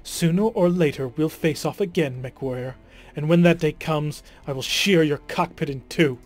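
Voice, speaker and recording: A man voicing a gloating, cruel noblewoman villain in a put-on British accent, reading game dialogue with slow, sneering taunts. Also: a little high, soft background music, close to an everyday voice.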